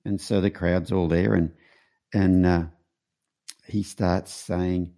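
Man, podcast host, casual storyteller, mellow dark voice, rambling. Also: sits low, flat delivery, slow. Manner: rambling, with many restarts.

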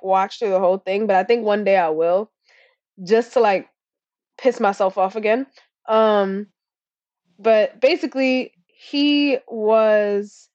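A woman's voice: mid-range voice, darkish tone, no room sound. A young woman co-hosting a podcast, chatting casually in a blunt, rambling way with plenty of swearing and fillers. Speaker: podcast co-host. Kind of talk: casual chat. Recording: dull lo-fi recording.

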